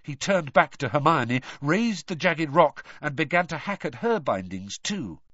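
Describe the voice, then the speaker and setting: A man reading a story aloud as narrator, measured and expressive. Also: on the high side, dry recording, muffled recording. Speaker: audiobook narrator. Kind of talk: scripted narration.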